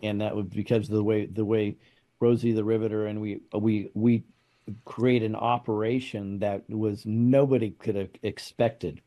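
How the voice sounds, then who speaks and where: A man's voice: on the low side, level tone, moderate pace, dark tone. A man hosting a political talk show, chatting casually and repeating himself as he makes his points. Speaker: show host.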